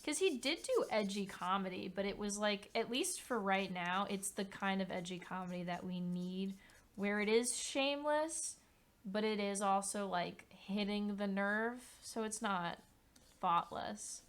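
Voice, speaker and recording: A woman's voice: medium pitch, unhurried. A young woman streamer chatting casually while she paints, rambling and candid, swearing now and then.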